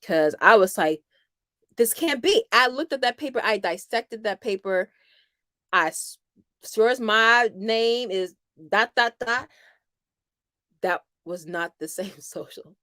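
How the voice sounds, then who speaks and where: A middle-aged woman hosting a homeschool channel, chatting casually with viewers and telling animated stories with playful quoted voices. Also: mid-range voice, slow, dry recording, studio quality. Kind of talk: casual livestream chat with viewers.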